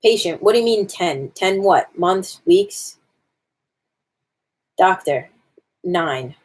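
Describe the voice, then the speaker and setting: A woman's voice: medium pitch, expressive, slow pace, darkish tone, husky. A woman on a casual live stream, reading jokes aloud and commenting on them to her viewers.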